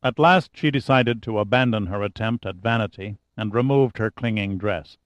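A man's voice: lowish voice, moderate pace, no echo. Man narrating a thriller audiobook. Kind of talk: scripted narration. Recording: dry, slightly dull audiobook recording.

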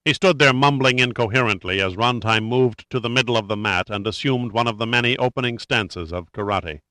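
A man reading a thriller aloud as narrator in a steady, measured way. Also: medium pitch, no room sound. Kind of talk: scripted audiobook narration.

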